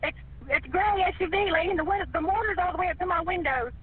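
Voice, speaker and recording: A woman's voice: extremely high pitch, quick pace. Frightened woman pleading on a tinny phone line. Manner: panicked, pleading, stammering. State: frightened, tearful. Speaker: emergency caller. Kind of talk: recorded emergency call.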